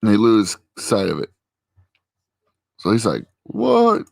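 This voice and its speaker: At his computer alongside a friend, a vlogger rambles casually through a recap of a TV episode, heavy on fillers and acted quotes. The man's voice is fairly low, creaky, and darkish, and he speaks unhurriedly with no echo.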